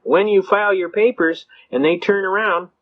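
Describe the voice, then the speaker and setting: A man's voice: sits high, steady tone, moderate pace. A middle-aged American man telling courtroom stories in a blunt, folksy way. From United States. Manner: folksy, blunt, repeats words when starting a sentence. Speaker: speaker on self-representation in court. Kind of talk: folksy storytelling lecture. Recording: dull lo-fi recording.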